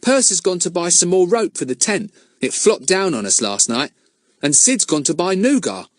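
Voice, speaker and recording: A man's voice: sits high, sing-song, normal speed, no echo, clean studio sound, pitched above the performer's own voice. A man voicing a simple, good-natured village boy with clumsy, chummy speech. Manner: ungrammatical, chummy.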